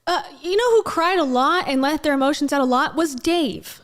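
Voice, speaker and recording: A woman's voice: sits high, moderate pace. A woman giving blunt, sarcastic reaction commentary on a clip she is playing. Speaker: commentary YouTuber.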